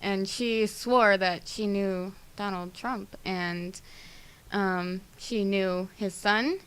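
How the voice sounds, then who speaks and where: A bright, crisp woman's voice in relaxed conversation. She is from New Jersey and chats animatedly, laughing often as she tells stories. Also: mid-range voice, extremely slow, poor audio. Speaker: podcast guest. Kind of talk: casual chat.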